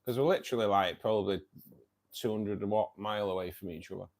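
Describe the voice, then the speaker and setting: A man's voice: lowish voice, steady tone, quick pace, darkish tone. A man hosting a casual livestream. He reads out viewers' chat, says "mate" a lot and laughs often. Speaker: livestream host reading chat.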